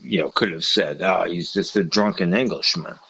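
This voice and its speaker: Irish guy chatting about books, lowish voice, kinda muffled lo-fi sound, lots of uhs. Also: moderate pace, vocal fry, bright, forceful tone, husky. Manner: hesitant, many restarts and fillers. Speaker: podcast co-host. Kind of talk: casual chat.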